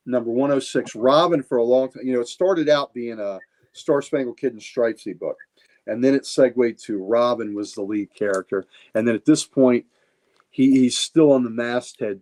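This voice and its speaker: A man's voice: mid-range voice, a little mellow. A man chatting casually on a livestream, showing off his comic books with rambling enthusiasm and frequent repeated words. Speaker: guest comic collector.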